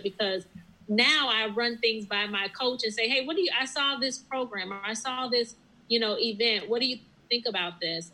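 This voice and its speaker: Woman guest, small-business owner; bright, fairly high voice, earnest and reflective. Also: rough recording. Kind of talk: interview conversation.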